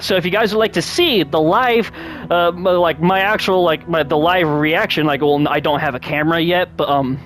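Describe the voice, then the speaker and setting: A man hosting his own channel, chatting casually and one-on-one with viewers. He rambles, restarts his sentences often, laughs a lot and gets animated when telling a story. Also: a little high, moderate pace. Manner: rambling, with frequent restarts and self-corrections. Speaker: channel host.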